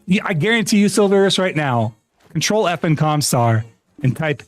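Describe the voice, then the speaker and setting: A man streaming a game live, telling a story to his chat in a casual, animated way, often breaking into laughter and swearing freely. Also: on the high side, moderate pace, no room sound. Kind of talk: casual gaming livestream storytelling.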